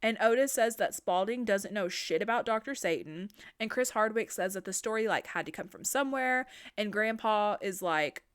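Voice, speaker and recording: A woman hosting a podcast and recapping a horror movie in a casual, profane, animated way. Her voice is smooth and clear at a middle pitch. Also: moderate pace, few pauses. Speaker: podcast host.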